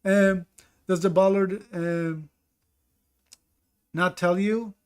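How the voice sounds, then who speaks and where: Brief: male streamer, slightly higher voice, casual running commentary, stops to greet chat by name. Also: steady tone, slow pace, darkish tone, smooth. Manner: thinks aloud, greets chat mid-sentence.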